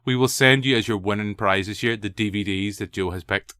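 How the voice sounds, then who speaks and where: Bright, clear Northern Irish podcast host. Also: male voice, fairly low pitch, fairly quick, dry recording, clean studio sound. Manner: rambling, jokey. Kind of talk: casual chat.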